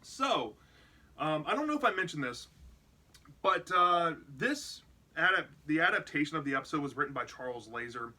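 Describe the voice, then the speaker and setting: Guy reviewing a book, kinda high bright voice, rambly with lots of uh and um. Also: lively intonation, normal speed. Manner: rambling, many fillers and restarts. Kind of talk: casual plot recap.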